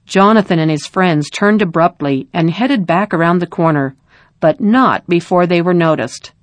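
A woman reading a story aloud in a calm, measured narration. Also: fairly low pitch, dry recording.

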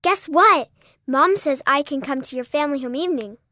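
A woman's voice: sits high, moderate pace, bright, forceful tone, dry recording, clean studio sound. A woman voicing a sweet, earnest young girl in a children's story. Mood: eager.

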